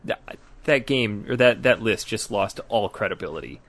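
A man's voice: on the low side, lively intonation, normal speed, a bit bright. A man co-hosting a gaming podcast in loose, joking casual chat, often trailing off mid-sentence. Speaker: podcast co-host.

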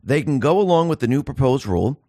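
A man's voice: medium pitch, very animated, quick pace, dark tone, no echo. Emphatic male commentator, dry close sound. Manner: emphatic, rhetorical questions, acts out voices of the public. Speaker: political commentary host. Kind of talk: monologue commentary.

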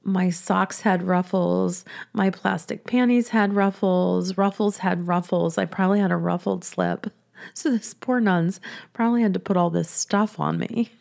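A woman telling a personal story in a chatty, soft-spoken way, often laughing between sentences. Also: fairly low pitch, fairly even intonation, a little slow, vocal fry. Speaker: business coach and podcast host.

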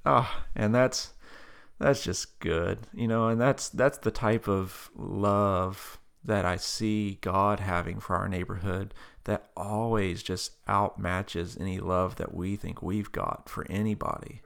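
A man's voice: low voice, fairly even intonation, takes it slowly, gravelly, fairly bright tone, smooth. A man who is a guest on an interview, earnestly telling a personal faith story and praying aloud in a conversational way. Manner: earnest, conversational, with frequent "like" fillers.

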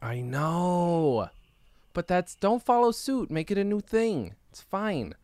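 A man's voice: sits high, sing-song, slow, darkish tone, dry recording, clean studio sound. A man co-hosting a podcast, talking casually and sarcastically with strong opinions. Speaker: podcast co-host. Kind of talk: casual chat.

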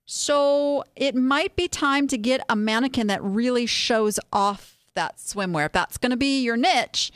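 Speaking at a measured pace with few pauses, this woman has a highish voice recorded dry with clean studio sound. She hosts a casual live stream reviewing online sales listings, giving advice that's frank, chatty and animated, with many restarts.

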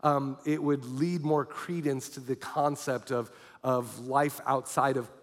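A man's voice: medium pitch, fairly even intonation, measured pace. A male pastor telling a story in a sermon, animating the quoted voices as he goes. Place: church hall. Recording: long hall reverb.

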